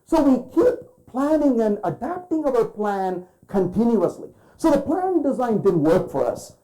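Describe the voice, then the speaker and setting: A man's voice: extremely high pitch, very animated, measured pace, warm tone, rough recording. A man giving a conference keynote, firing rhetorical questions at the audience and acting out quoted voices. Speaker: keynote speaker.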